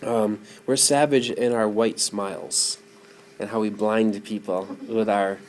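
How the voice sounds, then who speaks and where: A male lecturer talking through material in front of a class. He is animated and keeps questioning his students as he goes. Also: fairly low pitch, measured pace, a little hiss or hum.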